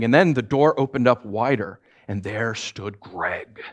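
A man preaching by telling a story, speaking softly and haltingly with frequent restarts. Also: medium pitch. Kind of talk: sermon storytelling.

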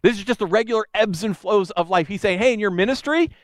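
High-voiced man preaching conversationally. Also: fast talker, dry recording. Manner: animated storytelling, voices quotes. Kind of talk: conversational sermon.

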